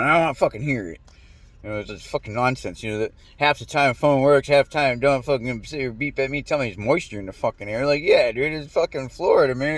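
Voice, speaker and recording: A man's voice: medium pitch, no echo. A man delivering a rambling, profane monologue straight to the camera, agitated and full of restarts. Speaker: vlogger. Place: lives in a humid climate.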